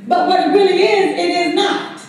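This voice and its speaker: A woman teaching a Bible study, conversational and quick to laugh, drawing responses from the congregation. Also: extremely high pitch, level tone, slight background noise. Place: church sanctuary. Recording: very echoey room from far off.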